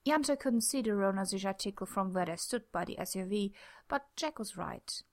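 A young woman reading a story aloud in a soft voice, dropping to a near whisper in tense passages. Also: mid-range voice, lively intonation, fairly quick. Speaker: reader. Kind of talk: reading fan fiction aloud.

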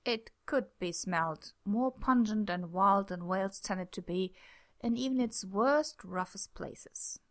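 Soft-spoken woman reading a story aloud. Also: medium pitch, measured pace. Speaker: reader. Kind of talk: reading fan fiction aloud.

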